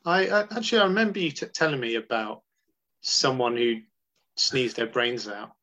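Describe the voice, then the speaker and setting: A man's voice: medium pitch, normal speed, pushed and bright, highs cut off. A man hosting a casual podcast over a video call, chatting and signing off to listeners. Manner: chatty, friendly sign-off patter. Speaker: podcast host. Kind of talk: casual chat and show sign-off.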